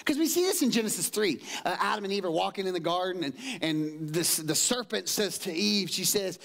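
A middle-aged man preaching a sermon in church, energetic, dropping to low asides and rising to loud exclaims, acting out quotes in changed voices. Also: brisk, few pauses. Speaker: pastor. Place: church sanctuary.

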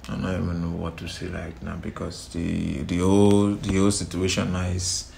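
A man's voice: low voice, monotone, moderate pace, creaky, a little mellow, slight background noise. A man hosting a confrontation show, scolding and repeating himself. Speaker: host.

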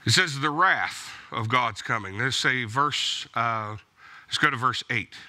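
A man's voice: medium pitch, measured pace, sharp tone. A male pastor preaching a sermon in an emphatic, exhorting way, driving points home with blunt repeated commands. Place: church.

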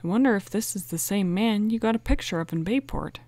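A woman reading aloud, voicing a quick, teasing teenage boy detective. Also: mid-range voice, dry recording, lightly acted. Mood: playful. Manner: lively and teasing.

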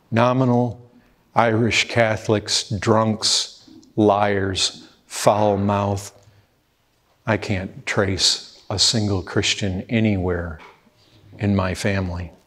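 A man's voice: on the low side, fairly bright tone, breathy edge. A man preaching an urgent, pleading sermon, often appealing to his listeners as brethren. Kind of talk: fervent sermon.

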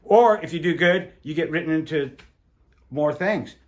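Animated storytelling man, swearing freely. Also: a little high, moderate pace. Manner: animated, swearing, acts out quotes. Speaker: interviewee, former windsurfer. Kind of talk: casual storytelling interview.

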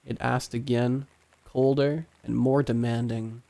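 A man narrating a scripted horror story in a hushed, suspenseful way. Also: medium pitch, fairly even intonation, measured pace.

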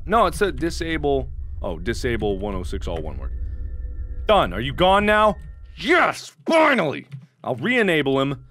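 A man hosting a gaming video, giving let's play commentary with loud, exaggerated, mock-angry outbursts. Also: a little high, slight background noise.

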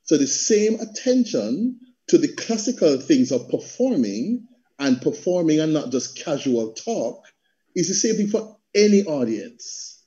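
Animated Jamaican man with a very dark voice. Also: fairly high pitch, measured pace. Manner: animated, argumentative, jumps in. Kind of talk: panel discussion. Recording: dull lo-fi call audio.

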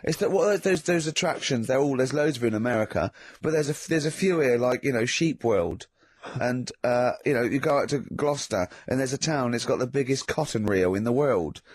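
A man's voice: mid-range voice, animated, fairly quick. A man adding wry comments and rambling musings in a casual chat.

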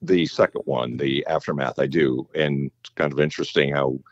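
Very deep-voiced wry male guest. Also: fairly even intonation, normal speed, dry recording, lo-fi sound. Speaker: podcast guest. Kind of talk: casual chat.

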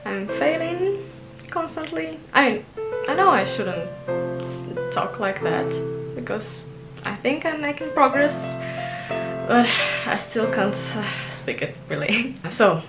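A woman's voice: fairly high pitch, very animated, slow, creaky, loud music behind the voice. A young adult woman vlogging about learning a language, self-conscious and giggly, with many fillers and restarts. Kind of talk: casual vlog monologue.

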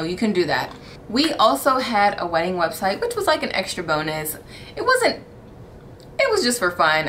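A candid, chatty woman in her thirties vlogs in a casual tone. Her voice sits at an ordinary middle pitch, and a faint hiss of room ambience runs underneath. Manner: chatty and candid, laughing often, animated when exasperated. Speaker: vlogger. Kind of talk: casual wedding-planning vlog.

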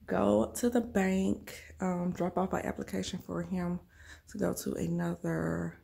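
A woman's voice: lowish voice, flat delivery, unhurried, creaky, warm tone, husky, dry recording. A woman vlogger chatting casually to the camera in a rambling way, her voice still groggy from the morning. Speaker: vlogger, mom. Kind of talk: casual vlog chat.

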